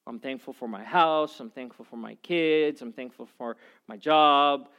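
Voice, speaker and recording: A man preaching a sermon as a pastor, telling stories in an animated, conversational way. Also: mid-range voice, a little slow, clear, resonant tone, muffled recording.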